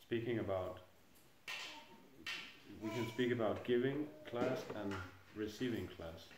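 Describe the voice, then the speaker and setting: A man's voice: on the low side, a little slow, noisy background. A middle-aged man giving an informal scripture class in a temple hall, speaking hesitantly and chuckling at his own jokes. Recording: echoey room.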